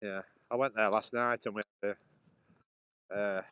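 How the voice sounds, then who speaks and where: A man's voice: on the low side, steady tone, normal speed, a bit bright, smooth, no echo. A man, rambling in casual chat as he walks outdoors and livestreams from his phone beside a road. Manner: rambling, chatty, restarts sentences often. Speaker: livestream host. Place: outdoors walking by a busy road. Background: traffic and sawing noise.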